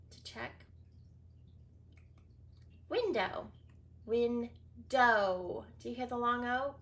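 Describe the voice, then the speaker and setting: A woman's voice: fairly high pitch, sharp tone. A woman teacher giving a recorded reading lesson for young children, sounding out words and spelling them letter by letter, with frequent praise. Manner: encouraging, praises often.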